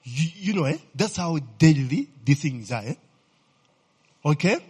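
A man's voice: a little high, lively intonation, measured pace, darkish tone, slightly rough. A man preaching a sermon, constantly checking in with his listeners and asking them to fill in words. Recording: reverberant hall.

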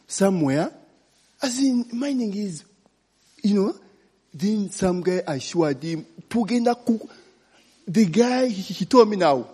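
A man's voice: high voice, dark tone, breathy edge. A man preaching an informal sermon, often checking in with "eh?" and "okay?". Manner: chatty, frequent "eh?" and "okay?" check-ins. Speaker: pastor. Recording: long hall reverb.

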